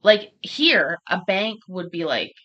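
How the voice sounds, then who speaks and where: A woman's voice: on the low side, sing-song, slow pace, fairly bright tone, dull audio. A woman hosting a casual livestream chat, telling stories with heavy swearing and acting out what other people said. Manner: profane, storytelling, acts out quoted voices. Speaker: livestream host.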